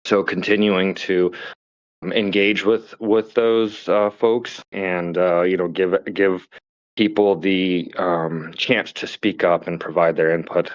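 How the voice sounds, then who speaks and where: Very deep-voiced man, heartfelt and halting. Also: flat delivery, no room sound, muffled recording. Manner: heartfelt, halting, full of fillers. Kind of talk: casual chat.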